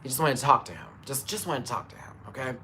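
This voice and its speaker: A man's voice: mid-range voice, big pitch swings, fast, pushed and bright, slight background noise. Emphatic man ranting on a live stream. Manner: emphatic, swearing, dramatic retelling. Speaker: livestreamer. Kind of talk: live-stream storytime rant.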